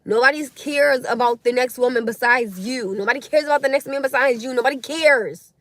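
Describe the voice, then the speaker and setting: A woman's voice: sits high, a little fast, fairly bright tone, no room sound. Blunt young woman on a livestream. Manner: blunt, opinionated, reacting to viewer comments. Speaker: livestream host. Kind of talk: casual livestream chat. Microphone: phone or webcam livestream.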